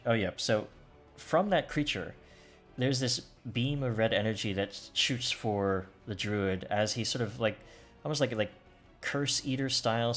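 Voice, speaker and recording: With a lowish, slightly bright voice, this man runs a tabletop session as game master. He explains rulings and combat casually, hunting for words as he goes.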